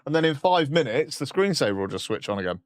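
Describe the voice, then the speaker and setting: A man's voice: on the high side, big pitch swings, quick pace, dry recording, clean studio sound. A man streaming a casual chat, joking about himself and swearing now and then.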